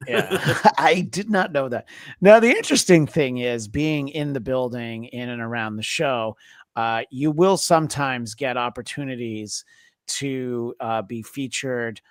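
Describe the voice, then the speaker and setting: Relaxed male podcast host, dry sound. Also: medium pitch, a little slow, dry recording. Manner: relaxed, many "uh" fillers. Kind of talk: casual conversation.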